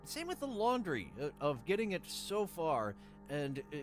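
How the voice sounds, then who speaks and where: A man's voice: a little high, huge pitch swings, normal speed, soft background music. A man streamer chatting casually, rambling with many fillers and crude jokes. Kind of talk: casual chat.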